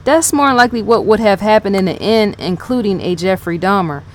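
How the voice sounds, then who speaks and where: A woman's voice: mid-range voice, a little fast, a little hiss or hum. Rambling woman talking over her notes. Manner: rambling, stops to reread her notes and repeats herself; fills talk with "yes", "right?" and "in fact". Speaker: channel host. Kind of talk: casual unscripted commentary.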